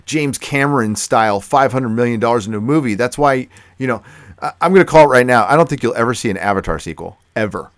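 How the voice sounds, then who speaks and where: A man co-hosting a casual movie review chat, excited and full of restarts and fillers. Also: mid-range voice, quick pace, no echo, studio quality. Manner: animated, many restarts and fillers. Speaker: podcast co-host.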